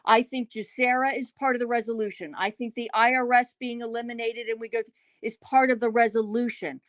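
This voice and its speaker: A woman's voice: fairly high pitch, fairly even intonation, a little fast, no echo. A woman on a panel chat, talking with emphasis and repeating words to drive her points home.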